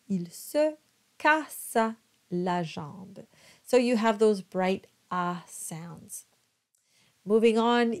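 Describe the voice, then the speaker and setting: A woman talks slowly and patiently as a diction coach for choirs. She spells out letters and models each word with care, repeating it several times. Her voice sits at a middle pitch. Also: animated, darkish tone. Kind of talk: slow, careful pronunciation coaching.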